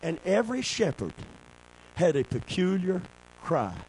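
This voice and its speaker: A man preaching a sermon, calling for amens and swinging between a low hush and a shout. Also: sing-song, a little slow, slight background noise, poor audio.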